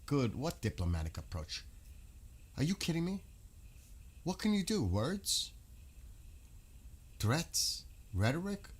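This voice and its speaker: A man's voice: on the high side, huge pitch swings, slow, long pauses, husky. Indignant man commenting on the news. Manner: indignant, fires off rhetorical questions. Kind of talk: casual live commentary on news clips.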